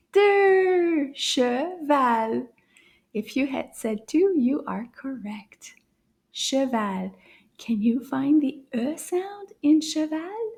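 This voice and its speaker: A woman with a bright, high voice leads a children's language lesson at an unhurried pace. She sounds cheerful and coaxing, praising often and dropping into soft whispers to build a little suspense. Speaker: French teacher for children. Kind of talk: slow, encouraging kids' lesson.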